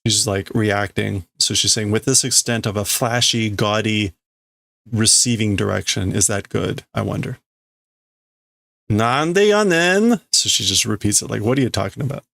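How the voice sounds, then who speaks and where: Male streamer, casual, unhurried and self-correcting, dry close sound, gravelly texture. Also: fairly low pitch, fairly even intonation, pushed and bright, no echo. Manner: hesitant, thinks aloud with restarts and self-corrections. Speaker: livestreamer. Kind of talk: casual live-stream, reading and translating a manga aloud.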